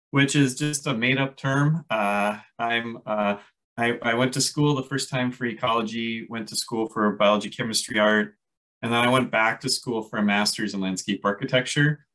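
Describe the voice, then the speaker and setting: A man with a Minnesota accent gives a relaxed lecture on gardening. He talks in a chatty, halting way, filling pauses with ums and restarting his sentences. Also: medium pitch, rough recording. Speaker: landscape ecologist teaching a class. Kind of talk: casual lecture on native plants.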